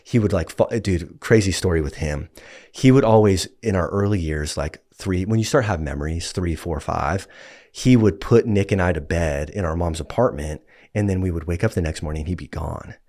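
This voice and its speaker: A man in his thirties, a pastor, talking in a relaxed, casual way with lots of "like" and "dude". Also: low-pitched, normal speed. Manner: laid-back, heavy on "like" and "dude". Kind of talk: casual podcast conversation.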